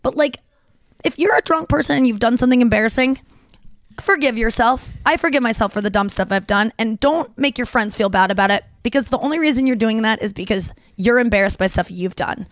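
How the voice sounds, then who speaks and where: A woman's voice: a little high, fairly quick, dry recording. A woman comedian co-hosting a podcast, telling rambling stories in casual chat with lots of "like" and restarts. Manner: chatty, filler-heavy, frequent "like" and restarts.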